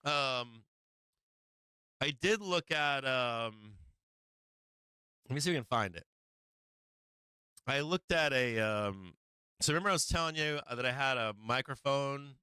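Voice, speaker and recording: A man's voice: medium pitch, expressive, a little slow, long pauses, pushed and bright, smooth, no echo. A man from Boston hosting a live market stream, rambling in casual chat and laughing often at himself. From Boston, USA. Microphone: streaming microphone on an arm.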